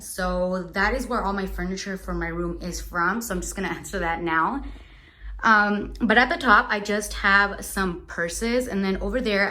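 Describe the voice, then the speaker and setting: A woman's voice: mid-range voice, bright, forceful tone. A young woman chatting casually through a room tour as a beauty vlogger, rambling and searching for words, a little out of breath. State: a bit out of breath.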